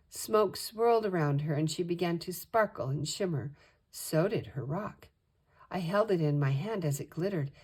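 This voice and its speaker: An older woman, a grandmother, reading a children's picture book aloud with expressive storytelling. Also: fairly low pitch, moderate pace, husky. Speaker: storytime reader.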